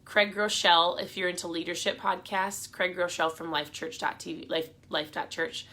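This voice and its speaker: A woman's voice: lowish voice, level tone, moderate pace, pushed and bright. A middle-aged woman giving upbeat, encouraging motivational advice in a casual, chatty talk to her viewers.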